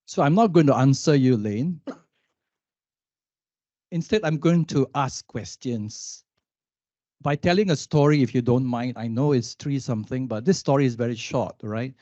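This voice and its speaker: A man and youth worker on a conference panel, telling a story with lively questions to the audience. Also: medium pitch, normal speed, no echo, muffled recording.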